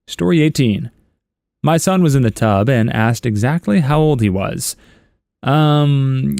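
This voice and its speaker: A man of middle pitch reads a run of short internet stories aloud, chuckling now and then and slipping in wry little asides. He is recorded on a close mic in a dry, dead space. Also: unhurried, creaky, a little mellow, no room sound. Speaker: story narrator.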